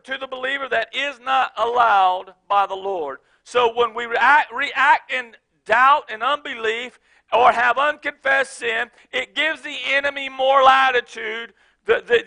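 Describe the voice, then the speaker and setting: A man preaching a sermon as pastor, moving from soft, chatty storytelling with repeated restarts to shouted exhortation. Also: very high-pitched, gravelly.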